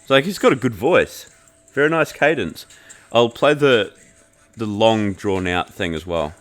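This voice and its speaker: A man with a very low voice hosts a podcast and reviews an album in relaxed chat. He jokes around, swears freely and fills his sentences with "like". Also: measured pace, soft background music. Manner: loose and joking, heavy filler "like", swears freely. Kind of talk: casual chat.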